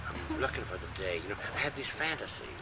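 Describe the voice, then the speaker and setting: An older man telling a long, animated anecdote during a casual home visit. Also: fairly low pitch, quick pace. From United States. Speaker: storyteller. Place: house in a city neighborhood. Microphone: camcorder mic. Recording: noisy home video with street sounds.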